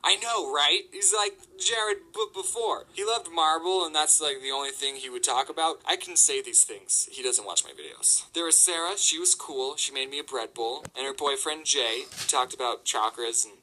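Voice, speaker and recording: A young adult man telling a comic story from his own life in an animated, sarcastic way. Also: on the high side, moderate pace, few pauses, rough recording. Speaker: animator and YouTuber.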